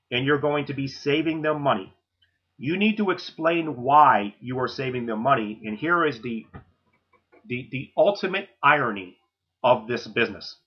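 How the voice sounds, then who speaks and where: A man with a husky, slightly rough voice talks through a sales training session. He coaches in a direct, no-nonsense way and keeps checking in with his listeners. The recording sounds muffled and lo-fi. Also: medium pitch. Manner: direct coaching, frequent "okay?" check-ins.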